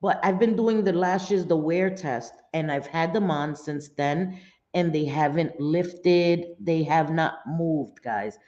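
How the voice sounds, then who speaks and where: Speaking slowly in a low, darkish voice, a middle-aged woman runs a casual live stream. Her talk is rambling, blunt and full of profanity, and the audio has a dull lo-fi quality.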